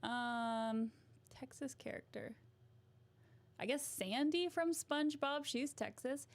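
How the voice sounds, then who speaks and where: A vlogger chats to her viewers at an unhurried pace, giggling and teasing herself. Her voice sits a little high and carries a gravelly fry, and the chat stays loose and casual throughout. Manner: giggly and self-mocking.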